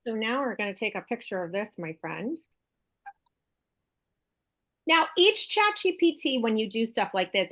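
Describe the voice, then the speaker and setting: A middle-aged woman real estate broker hosting a casual chat, talking in a chatty, enthusiastic way and thinking aloud. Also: mid-range voice. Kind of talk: casual video call chat.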